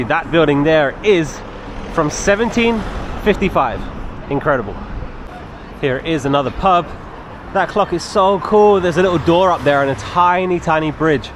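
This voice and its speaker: With slight background noise in the clip, a fairly high-voiced travel vlogger walks city streets outdoors, filming as he goes. He chats enthusiastically and frequently exclaims at what he sees.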